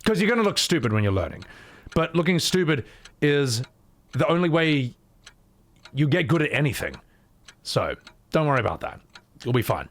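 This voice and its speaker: A man's voice: on the high side, big pitch swings, normal speed, long pauses. Self-mocking male game streamer. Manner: joking, self-deprecating. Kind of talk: casual gameplay commentary.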